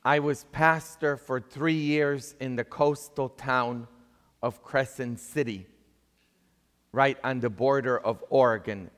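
A man's voice: fairly high pitch, animated, a little slow, fairly bright tone. A man with a Polish accent, a pastor preaching a sermon in a church and earnestly asking the congregation questions. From Poland. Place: large church. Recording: long church hall reverb.

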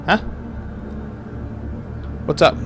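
A man's voice: drawn-out words, background noise. A young man giving rambling, jokey let's-play commentary to his viewers as a gaming host.

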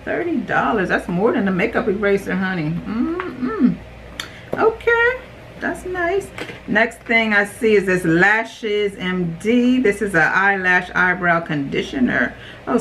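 A young adult woman chatting casually while unboxing beauty products, rambling, her voice jumping high when she reacts. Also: a bit bright, slight background noise, low-quality recording. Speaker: beauty vlogger.

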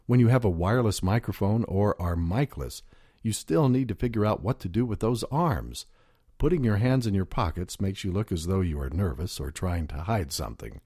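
Lively low-voiced male instructional narrator. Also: moderate pace, husky, no echo, studio quality.

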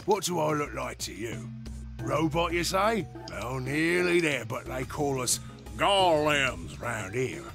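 A man's voice: fairly high pitch, big pitch swings, takes it slowly, gravelly, full character voice. A man voicing a chatty male robot labourer with a broad, slangy Cockney accent. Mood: chummy. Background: game music.

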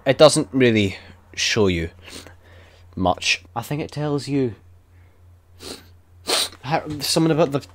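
A young man giving sweary, excitable and sarcastic commentary while building in a video game. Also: medium pitch, slow, long pauses. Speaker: gaming YouTuber. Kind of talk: casual gameplay commentary.

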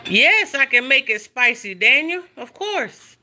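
A woman's voice: high-pitched, a little slow. A woman hosting a cooking livestream in casual, teasing chat, reading out viewer comments as she goes. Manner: lively, teasing, reads viewer comments aloud. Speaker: cooking show host.

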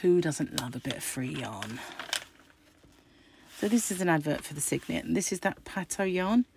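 Croaky middle-aged craft host, deep gravelly voice, chatty and musing. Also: female voice, lively intonation, moderate pace, a little mellow, a little hiss or hum. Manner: chatty, musing aloud while flicking through pages. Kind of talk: casual magazine unboxing chat.

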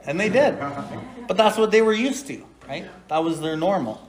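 A middle-aged man sits hosting a recovery podcast, his voice sitting a little higher than most men's. He talks bluntly and profanely, peppering his sentences with "right?", and now and then reads aloud from a recovery book in the same plain, forceful way. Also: expressive, normal speed. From Canada. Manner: profane, emphatic, frequent "right?" asides. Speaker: recovery podcast host and sponsor. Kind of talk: blunt casual talk and Big Book reading.

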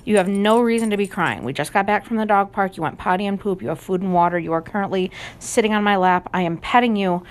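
A woman loudly and firmly lecturing her pet for crying. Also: medium pitch, quick pace, hardly any pauses. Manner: loud, scolding a pet.

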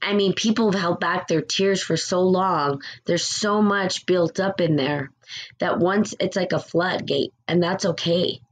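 A woman with a slightly low voice teaches spiritual ideas in a relaxed, chatty way. She reflects aloud and now and then acts out what people say. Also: measured pace, slight background noise, low-quality recording.

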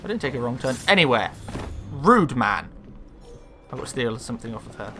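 A man casually commentating on his own gameplay, sweary and excitable, talking back to the characters on screen. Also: medium pitch, brisk, music in the background. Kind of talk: casual let's-play commentary.

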